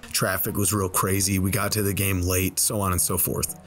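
Low-voiced man telling a story. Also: flat delivery, a bit bright, faint music behind. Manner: conversational, slows down for tense moments. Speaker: storyteller and game video creator. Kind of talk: casual spoken storytelling. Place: voice-over over gameplay footage. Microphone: desk microphone.

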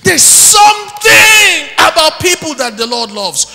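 A man preaches with passion, swinging between shouted lines and hushed asides. His voice sits very high and rings bright and sharp. It is a live church recording with a long hall echo and faint music underneath. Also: big pitch swings, moderate pace, vocal fry, few pauses. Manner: impassioned preaching, shouting then dropping low. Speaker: pastor. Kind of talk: sermon.

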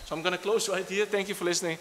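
A man's voice: sits high, steady tone, rapid-fire, in a large hall. A man preaching a sermon in an earnest, emphatic way, often repeating his phrases.

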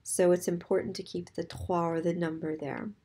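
A middle-aged woman teaching a French lesson, patiently explaining and repeating example phrases slowly. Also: on the low side, little pitch movement, warm tone, slightly rough. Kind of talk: recorded slide lesson.

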